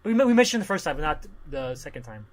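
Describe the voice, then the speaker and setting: A man's voice: a little high, very animated, fast talker, a crowd in the background. A man co-hosting a podcast, chatting casually about a comic book and rambling through plot summaries with lots of fillers and restarts. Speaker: podcast co-host.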